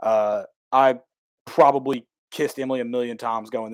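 A man, co-hosting a casual talk show, telling a rambling, excitable story and correcting himself as he goes. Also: mid-range voice, normal speed, dry recording. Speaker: podcast co-host.

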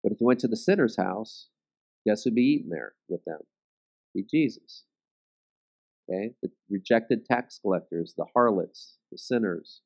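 A man's voice: lowish voice, animated, normal speed, creaky, darkish tone, muffled recording. Man teaching a Bible study. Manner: conversational, checks in with "okay?".

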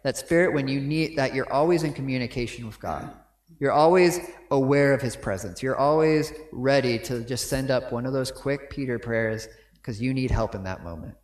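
A man's voice: mid-range voice, normal speed, a little mellow. Man preaching in an echoey church. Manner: conversational, frequent "right?" asides. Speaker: pastor. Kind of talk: sermon. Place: church sanctuary.

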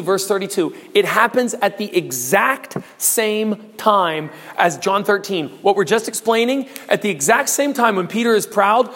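A man's voice: sits high, a bit bright. A man in his forties preaching a sermon, fervent and rising to impassioned pleas. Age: 40s. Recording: echoey hall reverb.

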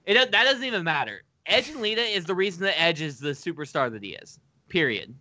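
Animated, bright-voiced man co-hosting. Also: on the high side, brisk, no room sound. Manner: animated, questioning. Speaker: podcast co-host. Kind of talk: casual chat.

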